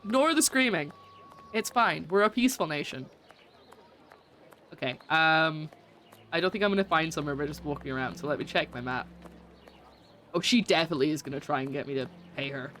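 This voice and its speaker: A woman's voice: low-pitched, fairly quick, pauses often, fairly bright tone, a little hiss or hum. A woman streaming a game, giving casual, giggly, rambling commentary.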